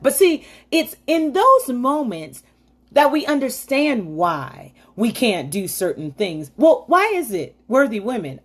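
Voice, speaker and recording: Lively chatty woman hosting a faith talk. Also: fairly high pitch, husky. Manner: chatty storytelling, asides, laughs often. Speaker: host of a women's faith talk. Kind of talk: motivational faith-based talk.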